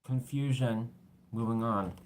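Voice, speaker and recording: A man's voice: mid-range voice, measured pace, a little mellow, a little hiss or hum. A man doing a casual tarot reading, blunt and swearing freely, tired, with his voice cracking. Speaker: tarot reader.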